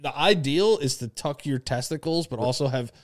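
A man's voice: a little high, expressive, normal speed. A man co-hosting a podcast, trading crude, joking banter in casual chat. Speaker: podcast co-host.

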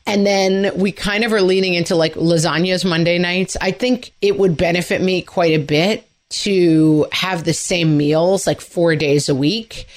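A woman co-hosting a podcast in relaxed chat, rambling animatedly through stories with self-deprecating asides. Her voice sits fairly low. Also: a little slow, few pauses. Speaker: podcast co-host. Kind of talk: casual chat.

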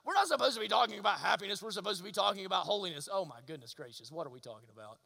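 A man preaching a sermon, emphatic and full of rhetorical questions, swinging from loud to hushed. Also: high-pitched, expressive, rapid-fire, vocal fry. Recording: long reverb of a large hall.

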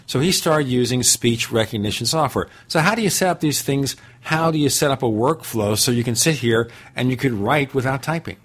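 A talk show host interviews a guest, asking inquisitive questions and pushing back on his answers. His mid-range voice is a bit bright, a little fast, with few pauses.

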